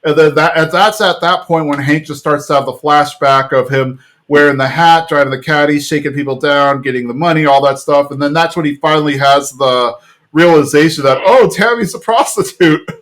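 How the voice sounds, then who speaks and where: A man hosting a podcast, recapping an episode in an animated, chatty way full of "like". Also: a little high, fairly quick. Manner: animated storyteller, fillers like "like". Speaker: podcast host.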